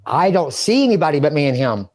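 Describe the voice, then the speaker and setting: An agitated man rambles through an emotional interview monologue, swearing and talking to himself. His voice is on the high side with big pitch swings, a quick pace, and a darkish tone.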